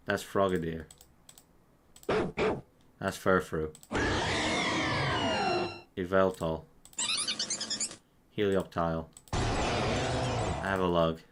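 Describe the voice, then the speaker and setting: A man's voice: sits low, heavy background noise. A young man playing a quiz at his computer, thinking aloud in casual, self-mocking commentary full of swearing. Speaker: quiz player. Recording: clear mouse clicks behind.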